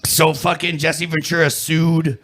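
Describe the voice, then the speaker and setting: A man's voice: a little high, little pitch movement, measured pace, fairly bright tone. A man co-hosting a casual podcast, telling stories with laughter and mock voices. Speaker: podcast co-host. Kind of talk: casual chat.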